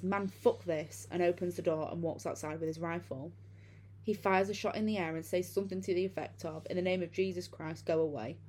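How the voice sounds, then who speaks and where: A woman's voice: on the low side, a little mellow, slight background noise. A woman reading a first-person horror story aloud in a casual, profane way. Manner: casual, profane retelling with many fillers. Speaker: narrator.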